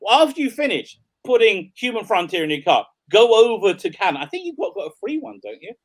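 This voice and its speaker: Give me an eager male host with a lively, fairly high voice, stumbling over his words. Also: a little fast. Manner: enthusiastic fan, stumbling and repeating words. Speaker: podcast host. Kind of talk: casual interview over video call.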